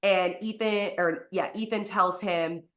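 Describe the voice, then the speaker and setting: A woman co-hosting a podcast, casually recapping a novel's plot in a chatty way, full of fillers and quick acted-out quotes. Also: mid-range voice, fairly even intonation. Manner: chatty, lots of "like", acts out quotes. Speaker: podcast co-host.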